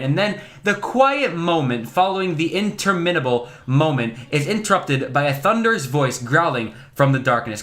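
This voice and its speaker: A man's voice: a little high, fairly bright tone. A young man reading a story aloud to viewers, who often swears and stops to joke about the text. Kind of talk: casual story reading with commentary.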